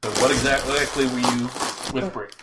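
A man acting as game master, narrating a tabletop game in a relaxed, rambling way with frequent laughs. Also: medium pitch, moderate pace, very noisy.

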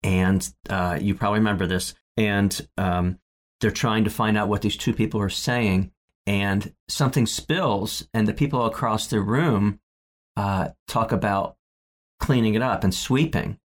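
A man's voice: fairly low pitch, unhurried. A man co-hosting a casual chat, recapping a sitcom episode with many fillers, restarts and laughs. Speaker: podcast co-host.

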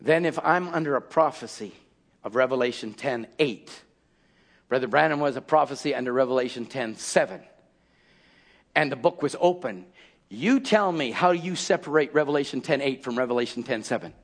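A man preaching a fiery sermon, calling out to his congregation and often rising into shouted exhortation. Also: medium pitch, animated, moderate pace.

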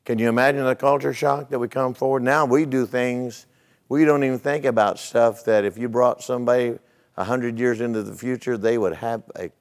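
A man preaching from the pulpit at a middle pitch, spinning out a story in an easygoing, folksy manner. He checks in with his listeners through rhetorical questions as he leads into his teaching. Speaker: pastor. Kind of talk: sermon.

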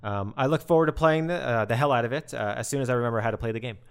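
A man's voice: mid-range voice, racing, smooth. A man hosting a podcast and reading out the news, easygoing and laughing often. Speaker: podcast host, news reader. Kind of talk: casual chat.

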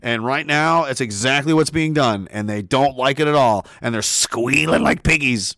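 A man talking on a casual livestream, excitable and profane, laughing often and restarting his sentences. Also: medium pitch, brisk, hardly any pauses, no room sound. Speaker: streamer.

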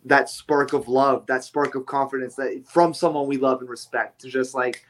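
A man, a wrestler and podcast guest, speaking in a relaxed, easygoing way with mild swearing and asides. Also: mid-range voice, normal speed, hardly any pauses. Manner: easygoing, swears lightly, laughs along. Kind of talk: casual conversation.

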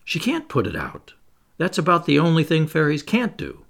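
A cocky young boy leader, put on by a male storybook reader, brisk and boastful, giving orders with relish. His voice bounces up and down lively and carries a slight gravelly edge. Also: fairly high pitch, voice pushed up, full character voice. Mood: stiff.

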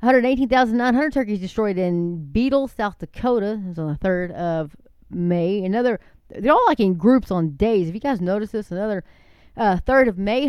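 A woman with a smooth, clear voice, talking in a chatty, digressive way. She keeps calling her listeners "folks" between items on a long list. The sound is dry and close, with no room echo. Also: mid-range voice, a little mellow. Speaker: commentator reading a list of incidents. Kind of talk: casual monologue.

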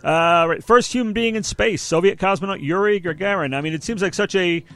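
A man's voice: high-pitched, a little fast, fairly bright tone, no echo. A man in his sixties hosting a casual podcast chat, rambling and laughing at his own asides. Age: 60s. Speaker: podcast host.

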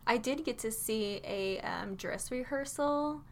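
A woman's voice: on the high side, a little slow, a little hiss or hum. A woman co-hosting a library podcast, chatting casually and telling stories. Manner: chatty, storytelling. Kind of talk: casual chat.

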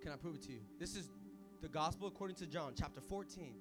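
A young man preaching an energetic sermon as pastor, casual and full of slang, swinging from hushed asides to shouting. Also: fairly high pitch, quick pace, over loud music.

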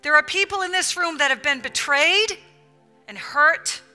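A woman's voice: sits high, unhurried, sharp tone, soft background music. A woman preaching a fervent, emphatic sermon to a women's church gathering, with a repetitive preaching cadence.

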